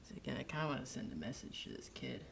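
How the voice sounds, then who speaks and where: A man playing at a tabletop game talks casually and laughs easily. His pitch moves around a lot, and a faint noise sits behind him. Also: big pitch swings, quick pace, creaky, a bit bright. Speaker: player.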